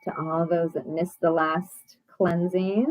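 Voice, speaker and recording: A woman's voice: lowish voice, flat delivery, takes it slowly, no echo, rough recording. A woman hosting an online group prayer and meditation, talking casually in an effusive, affirming, encouraging way. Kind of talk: casual spiritual livestream talk.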